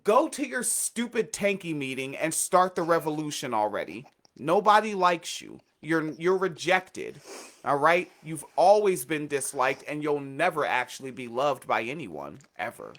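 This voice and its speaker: A man's voice: on the high side, sing-song, measured pace, a bit bright. Blunt, sarcastic man co-hosting. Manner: blunt, profane, sarcastic ranting. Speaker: co-host. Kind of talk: casual radio chat.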